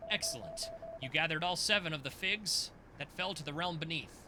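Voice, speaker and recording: Guy putting on a deep low stern angel teacher, formal and commanding, game voice. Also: animated, moderate pace, noisy background, natural voice. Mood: cold. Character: stern, solemn male angelic mentor.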